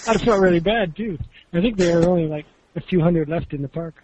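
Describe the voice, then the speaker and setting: A man's voice: high voice, quick pace, a little mellow, slight background noise, rough recording. A man co-hosting a podcast, telling a travel story in a rambling, casual way with laughs. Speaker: podcast co-host.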